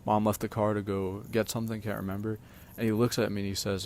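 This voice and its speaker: A young man telling personal stories casually, halting with many fillers and restarts. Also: on the low side, level tone, a little mellow, slight background noise. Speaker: streamer.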